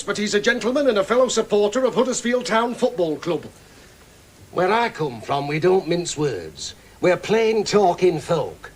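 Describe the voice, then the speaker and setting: Picture a blunt, bombastic Yorkshire tycoon in a TV sitcom. He talks high and lively, swinging his pitch as he boasts. His manner is plain-spoken and pompous. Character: blunt boastful self-made millionaire knight. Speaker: hospital benefactor. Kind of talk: 1980s sitcom acting.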